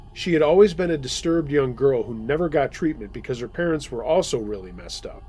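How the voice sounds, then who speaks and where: Male host, husky, mid-pitched, reading scary stories in a measured way. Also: darkish tone. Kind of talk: scary story narration.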